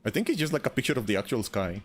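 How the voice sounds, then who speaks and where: A young man chatting through a game stream in a goofy, rambling way, stumbling and repeating words. His mid-pitched voice bounces around expressively. Faint game music runs underneath. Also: sing-song, very fast. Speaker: gaming streamer. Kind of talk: casual let's-play commentary.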